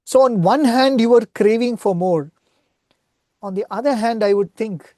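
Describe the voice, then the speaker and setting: A man's voice: sits high, normal speed, darkish tone, no room sound, clean studio sound. A man speaking at a spiritual retreat, earnestly retelling scripture stories in a devotional talk and often checking in with "right?".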